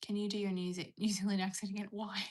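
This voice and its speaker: A woman's voice: mid-range voice, little pitch movement, fast talker. An Australian woman chatting casually on a live stream, reading viewer questions aloud and rambling through her answers.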